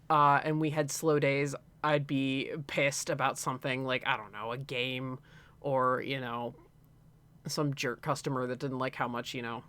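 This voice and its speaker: A man's voice: mid-range voice, a bit bright. A man co-hosting a stream, chatting casually, rambling with frequent laughter and swearing. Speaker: streamer co-host. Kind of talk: casual chat.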